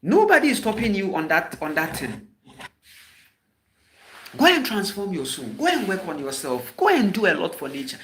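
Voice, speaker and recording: Speaking with fervor, a Ghanaian man acting as a spiritual teacher scolds his listeners and presses each point through repeated, pointed rhetorical questions. His voice is high-pitched, and a slight hiss or hum runs under the recording.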